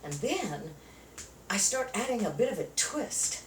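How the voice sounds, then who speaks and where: In a sing-song, mid-range voice at a measured pace, a woman guides a chair yoga session, calling out counts and giving encouragement while a bit breathless. The mic sits far off in a roomy, echoing space with slight background noise.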